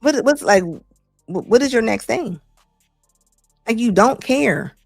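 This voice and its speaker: A middle-aged woman hosting a talk show, giving blunt, animated opinion commentary and laughing often. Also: a little high, slow, gravelly, dry recording, studio quality, faint music behind. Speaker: host.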